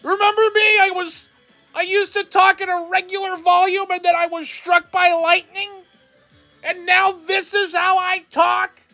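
A man putting on the voice of a guy who can only talk in a strained, high-pitched yell since he was struck by lightning. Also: little pitch movement, a little slow, soft background music, heavily acted. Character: man stuck talking at a shout after a lightning strike. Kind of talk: comic bit on a solo podcast.

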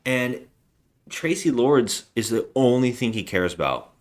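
A man's voice: medium pitch, lively intonation, a little slow. A man co-hosting a casual movie review chat, retelling the plot at length and acting out the characters' lines. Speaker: podcast co-host.

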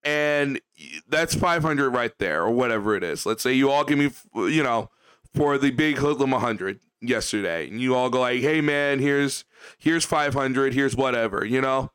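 A man's voice: medium pitch, lively intonation, normal speed, fairly bright tone, smooth, dry recording. A man ranting on his livestream, profane, heated and repetitive as he talks to his chat. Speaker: streamer.

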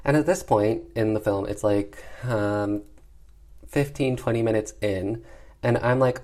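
A man's voice: fairly low pitch, a little mellow. A man giving a casual, sassy recap of a horror film, chatty and peppered with filler words. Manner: acts out characters' lines in quick voices. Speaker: film reviewer.

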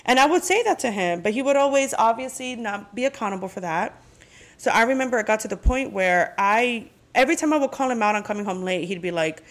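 A woman's voice: on the high side, lively intonation, quick pace. A woman hosting her podcast in a casual chat, talking candidly and venting with frequent swearing. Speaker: podcast host.

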